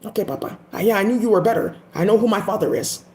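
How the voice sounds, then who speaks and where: A woman's voice: medium pitch, lively intonation, fast, a little mellow, reverberant, natural voice. A woman voicing a worried young man who pleads with his father, anxious and earnest. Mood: pleading.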